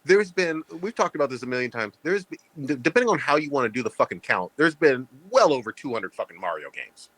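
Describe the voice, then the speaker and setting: A man's voice: mid-range voice, very animated, fast, hardly any pauses, fairly bright tone. A man hosting a casual podcast chat, blunt and heavy on profanity, talking with emphasis. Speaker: podcast host.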